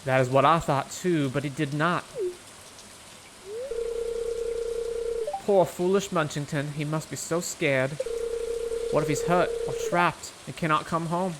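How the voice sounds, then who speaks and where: Melodramatic genteel Southern belle woman, put on by a man in a game read-along, Southern Belle accent, slightly high voice over background noise. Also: steady tone, moderate pace, close to an everyday voice. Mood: worried. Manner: formal, melodramatic phrasing. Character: fussy genteel Southern belle woman doting on her cat.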